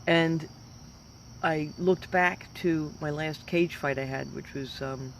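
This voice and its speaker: A woman's voice: low-pitched, steady tone, slow, slight background noise. A woman in her fifties, a professional fighter, giving an emphatic, rambling motivational talk. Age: 50s. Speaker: professional mixed martial arts fighter.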